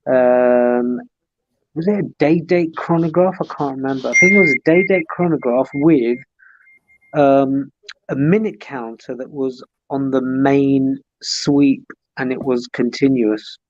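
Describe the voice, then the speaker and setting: A man's voice: medium pitch, measured pace, no room sound, dull audio. A man hosting a livestream on a video call, chatting at length and reminiscing in detail. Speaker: livestream host. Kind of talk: casual chat.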